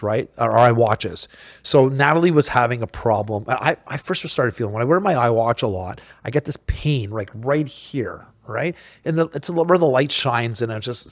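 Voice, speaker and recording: A man hosting a casual podcast chat, telling stories in an animated, emphatic way with many restarts. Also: medium pitch, no echo. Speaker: podcast host.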